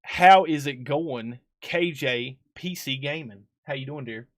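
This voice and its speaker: A man's voice: medium pitch, unhurried. A man, hosting a live stream in casual, rambling chat full of fillers and laughs.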